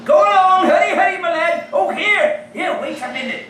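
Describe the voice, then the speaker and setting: An actor playing the old miser Scrooge, now reformed, gushing and laughing in a live staged radio play. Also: male voice, very high-pitched, expressive, unhurried, background noise. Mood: jovial. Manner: breathless, gushing, laughing between phrases. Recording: echoey room, heard from far off with music.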